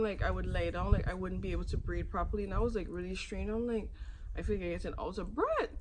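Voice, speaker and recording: A young woman, casually telling her own story to camera and acting out what others said. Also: a little hiss or hum. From Saint Martin. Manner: chatty, acts out others' lines with sudden high jumps. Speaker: vlogger.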